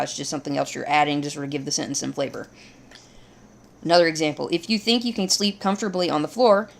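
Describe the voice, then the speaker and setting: A woman teaching a grammar lesson, explaining rules step by step in a steady way. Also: sits low, creaky.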